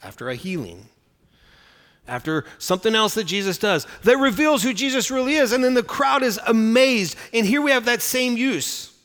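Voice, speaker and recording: A man with a high, animated voice delivers a sermon in an easygoing, conversational way, often tagging his points with "right?". His voice rings with a long reverb, as if from a large hall. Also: normal speed. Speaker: pastor. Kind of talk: expository sermon.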